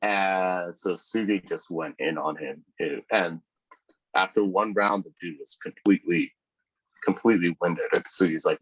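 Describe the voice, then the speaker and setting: A man with a very low, husky voice tells animated stories and laughs often in casual podcast chat. The sound is close and dry, with little room echo. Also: unhurried, dull audio. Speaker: podcast guest.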